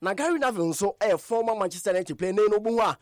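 A man with a Ghanaian accent reads a radio sports roundup in a high, bright-topped voice. His delivery is animated and emphatic, hammering points with repetition. The sound is close and dry, with no room around it. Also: rapid-fire, no echo.

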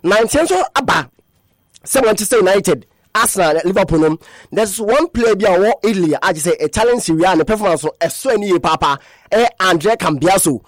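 Fast, high-voiced sports newsman. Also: animated, dry recording, clean studio sound. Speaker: sports news presenter. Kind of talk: radio sports news bulletin.

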